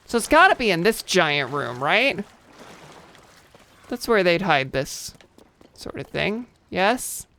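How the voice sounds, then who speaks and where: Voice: mid-range voice, very animated, slow pace, pauses often, sharp tone, a little hiss or hum. A streamer giving casual, chatty commentary while playing a game, joking at their own expense and tossing out playful nonsense words.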